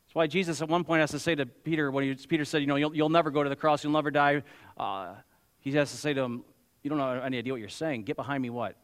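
Male pastor preaching, emphatic, slightly high voice, big hall reverb. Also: fast talker. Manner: emphatic preaching, rising to loud exclamations and dropping to quiet asides. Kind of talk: sermon.

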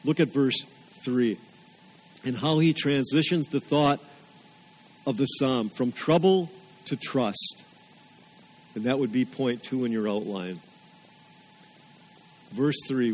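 Earnest preaching man, fairly high voice. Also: unhurried, rough recording. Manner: earnest, emphatic preaching with repetition. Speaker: pastor. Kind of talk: sermon.

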